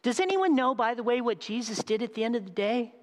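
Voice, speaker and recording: A man preaching a sermon, animated, asking the crowd questions and acting out scenes. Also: extremely high pitch, fast talker. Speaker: pastor. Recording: long hall reverb.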